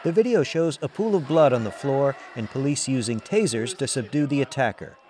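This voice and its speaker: Male radio correspondent, measured scripted delivery, mid-pitched, faint street sound behind. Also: background noise. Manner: measured, even newsreader delivery. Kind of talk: scripted news report.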